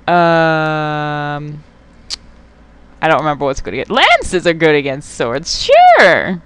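Swearing, excitable young gamer. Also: medium pitch, a little slow, smooth. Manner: swears often, excitable, talks back to the game. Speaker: let's play gamer. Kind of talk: casual game commentary.

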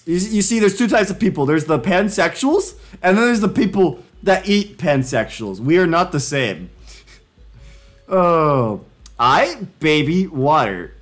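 A young man live-streaming, chatting casually and joking excitedly with himself while working through language drills. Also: a little slow. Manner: jokey, excitable, laughing self-commentary with sudden pitch jumps.

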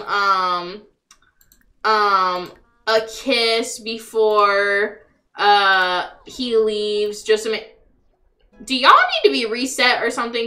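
A woman's voice: a little high, bright, forceful tone. A young woman giving casual, profane live commentary on a life-sim game and talking back at the characters. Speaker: livestreamer.

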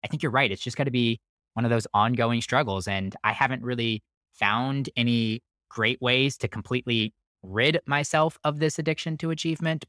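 Bright-voiced young male podcast host. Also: mid-range voice, no room sound, clean studio sound. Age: 20s. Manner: admiring, thoughtful, asks long questions. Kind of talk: conversational podcast interview.

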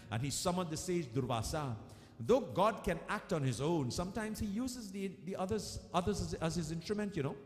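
A man leads a devotional talk in a high, lively voice that rises and falls a great deal. He tells a scripture story to his devotees and repeats his main points. The recording sounds roomy, with a long reverb trailing each phrase. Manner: storytelling, repeats key lines for emphasis; addresses listeners as devotees. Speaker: spiritual speaker. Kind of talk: devotional discourse. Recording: echoey room with long reverb.

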